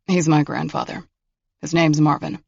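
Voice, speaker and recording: A man's voice: fairly high pitch, fairly even intonation, moderate pace, creaky, husky, no room sound. Narrator guy doing a fed-up federal agent, dry and wry, sounds kinda muffled. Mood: tired. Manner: dry, exasperated. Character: exasperated, wry young male federal agent.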